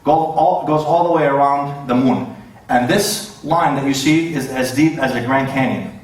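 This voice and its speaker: A man's voice: medium pitch, moderate pace, distant mic. A man giving a debate presentation, hesitant, with many fillers and self-corrections. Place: debate hall. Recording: very echoey hall, voice away from the mic.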